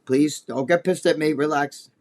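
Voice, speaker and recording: This man's voice is on the high side and a little mellow, with fairly even intonation and a normal speed. A podcast co-host in casual, profane chat, he talks bluntly and crudely, acting out other people's voices while telling stories.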